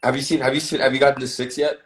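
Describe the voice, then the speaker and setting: A young American actor from the South chatting casually on a livestream video call, relaxed and quick to laugh. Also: male voice, mid-range voice, a little hiss or hum, low-quality recording. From Southern United States. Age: young adult. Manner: laid-back, laughs often, drawls words slowly at times. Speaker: actor guest.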